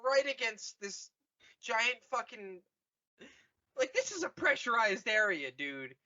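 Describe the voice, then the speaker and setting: Man doing a young hero, raised pitch, swearing, whiny, bright, muffled lo-fi. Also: sing-song, slow, heavily acted. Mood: indignant. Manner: crude, indignant.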